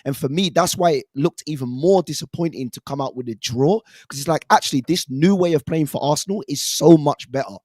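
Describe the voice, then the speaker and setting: A hoarse man whose voice has cracked, a panelist reflecting on a football match. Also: a little high, fairly quick, few pauses, a little mellow, no echo, clean studio sound. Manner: apologetic, reflective, quotes his own thoughts. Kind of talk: casual football debate.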